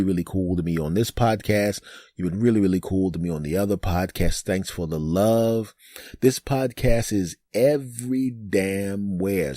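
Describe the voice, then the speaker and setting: Deep-voiced man hosting a casual podcast. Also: darkish tone, no room sound, clean studio sound. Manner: rambling and jokey, calls listeners bastards. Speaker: podcast host. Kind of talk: casual solo podcast monologue.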